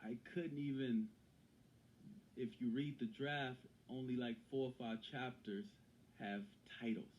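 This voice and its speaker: A man's voice: medium pitch, fairly even intonation, unhurried, darkish tone, muffled recording, a little hiss or hum. A man as an interview guest and author, talking earnestly in casual conversation, often repeating phrases and restarting.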